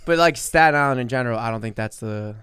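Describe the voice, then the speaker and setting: A man's voice: mid-range voice, quick pace, a bit bright, smooth, no room sound, clean studio sound. A man in his thirties co-hosting a casual chat, easygoing and laughing along. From New Jersey. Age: 30s. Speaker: podcast co-host.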